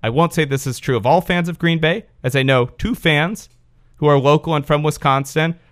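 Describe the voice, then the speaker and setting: A man's voice: fairly high pitch, moderate pace. A man hosting a podcast, reading a listener's email aloud in a joking, sardonic way. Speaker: podcast host.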